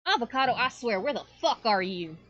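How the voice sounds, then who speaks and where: A gruff, foul-mouthed dwarf smith, as a woman game master puts her on, bellowing and grumbling through a tabletop game. The voice is a bit muffled and dull, close and dry in a home setup. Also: medium pitch, expressive, moderate pace, sharp tone, dry recording.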